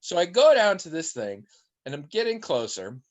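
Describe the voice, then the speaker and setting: This man, a podcast co-host, has a slightly high voice and talks at a normal speed. He chats casually, spinning rambling, animated stories and mimicking other people's voices along the way.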